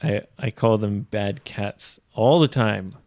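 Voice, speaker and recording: A man co-hosting an English-learning podcast, talking casually, slowly and clearly, explaining phrases as he goes. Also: fairly low pitch, a little mellow, dry recording, clean studio sound. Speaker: podcast co-host and English teacher.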